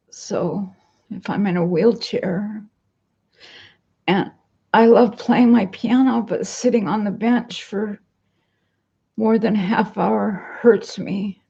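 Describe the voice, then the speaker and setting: A woman talks slowly into a computer webcam at home, her voice heavily gravelly. She rambles in a downcast way and reads out viewer comments. The audio is husky and comes through dull and lo-fi. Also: mid-range voice, steady tone, warm tone. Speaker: vlogger. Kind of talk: casual home vlog. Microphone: computer webcam mic.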